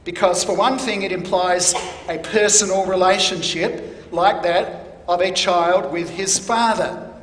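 A man preaching a sermon in a measured, deliberate teaching manner, stressing key words. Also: sits high, fairly even intonation, a bit bright, a little hiss or hum. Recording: echoey hall.

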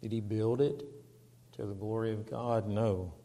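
A man preaches slowly and deliberately, leaning hard on each phrase as he reads scripture. His voice carries the long reverb of a large hall. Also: lowish voice, steady tone, mellow. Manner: slow, deliberate, emphatic, reading scripture aloud. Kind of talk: sermon.

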